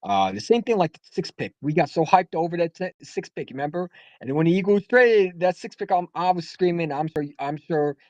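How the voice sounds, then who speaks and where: A man's voice: a little high, animated, a little fast, hardly any pauses, darkish tone, dry recording, poor audio. A man calling in to a sports talk show, talking casually in a rambling, heated way with many restarts. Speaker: caller. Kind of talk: casual sports call-in chat.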